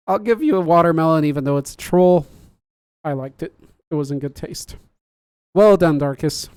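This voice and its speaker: Brief: laid-back podcast host, mid-pitched, dry close sound, chats and laughs with live viewers. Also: mellow, no echo. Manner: chatty, laughs often, jokes at own slips. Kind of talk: casual livestream chat.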